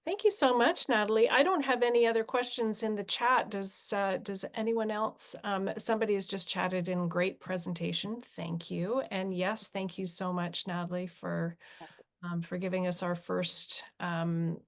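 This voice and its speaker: A woman moderating a virtual summit Q&A on a video call, polite and halting, with many fillers. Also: mid-range voice, fairly even intonation.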